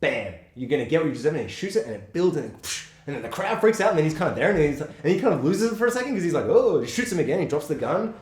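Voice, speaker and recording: A man discussing a film in casual chat, swearing freely and acting out quotes in a high voice. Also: very animated, rapid-fire, few pauses, a little mellow. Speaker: podcast co-host. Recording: echoey room.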